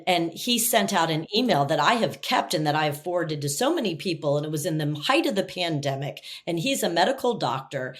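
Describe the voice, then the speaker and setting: A woman podcast host and leadership coach, talking in a relaxed interview and acting out the lines she quotes. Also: lowish voice. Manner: animated storyteller, acts out quoted lines. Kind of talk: conversational interview.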